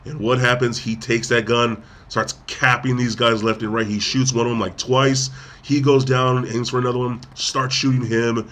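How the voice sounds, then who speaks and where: A man's voice: mid-range voice, little pitch movement, moderate pace, a bit bright. A man co-hosting a podcast, casually retelling a film's plot with lots of fillers and restarts. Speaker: podcast co-host. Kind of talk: casual film review chat.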